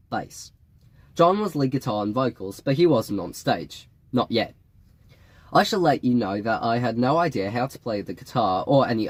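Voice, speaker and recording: A man reading an audiobook in a wry, measured storytelling manner. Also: medium pitch, no room sound. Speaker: audiobook reader. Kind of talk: audiobook narration.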